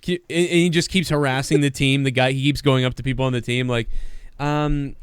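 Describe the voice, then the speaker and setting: A man's voice: medium pitch, steady tone, fairly quick, clear, resonant tone, no room sound. A man co-hosting a casual comedic podcast chat, riffing and laughing as he talks. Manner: laughing, riffs with loud mock voices. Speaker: podcast co-host.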